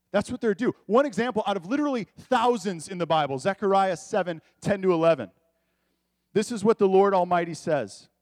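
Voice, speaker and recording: A man delivers a sermon as a pastor, talking to his congregation in a conversational, animated way with quick asides. His voice sits fairly high for a man. The sound is dry, with little room echo.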